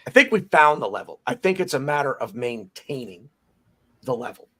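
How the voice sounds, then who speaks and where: A man hosting a football chat whose voice is a bit off from a bug. He talks haltingly and often restarts, with a playful streak. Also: mid-range voice, sing-song, bright, forceful tone, dry recording. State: voice slightly off from a bug.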